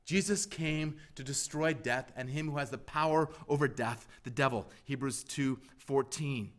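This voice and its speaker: A man preaching a sermon as pastor, emphatic, pressing repeated questions and swinging from loud to hushed. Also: medium pitch, a little slow.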